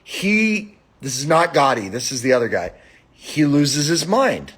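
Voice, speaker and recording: A man's voice: fairly high pitch, unhurried, breathy edge. A man hosting a podcast in casual, profane chat, acting out stories and swearing freely as he gets worked up. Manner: animated storytelling, swearing, rises to shouts. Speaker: podcast host.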